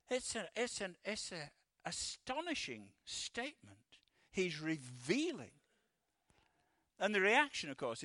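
A man preaching a conversational sermon, halting and restarting, acting out the quoted voices. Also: high-pitched, pushed and bright, no echo, studio quality.

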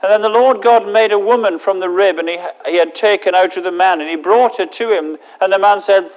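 High-voiced preacher in an echoey hall. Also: male voice, a little fast, few pauses, muffled recording. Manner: relaxed, chatty asides between readings. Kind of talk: sermon with scripture reading.

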